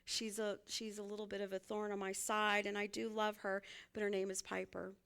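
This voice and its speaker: A woman's voice: mid-range voice, level tone, a little fast, creaky, fairly bright tone, clean tone. A woman minister, giving a conversational, folksy sermon and laughing often as she speaks.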